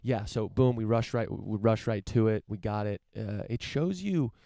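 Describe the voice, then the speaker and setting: A young podcast host talks at a moderate pace in a fairly low, expressive, mellow voice, with no room sound. Broadcasting a casual solo monologue from his parents' home on a live-stream camera setup, he rambles loosely and profanely, with many fillers and restarts.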